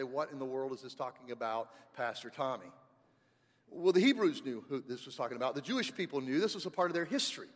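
High-voiced pastor preaching in a reverberant hall. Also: male voice. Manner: animated, swings from loud emphasis to soft intimate tones. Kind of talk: sermon.

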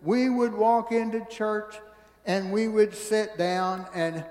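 Man, preacher, high voice, folksy storytelling, hushed to booming, long church-hall reverb. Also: steady tone, slow pace. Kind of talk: sermon. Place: church sanctuary.

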